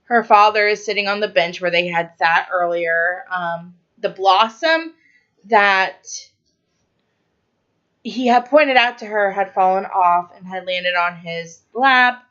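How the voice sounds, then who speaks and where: A woman's voice: medium pitch, takes it slowly, fairly bright tone, clear, resonant tone, muffled recording. A woman co-hosting a podcast, casually retelling a movie's plot with lots of fillers and quoted lines. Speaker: podcast co-host.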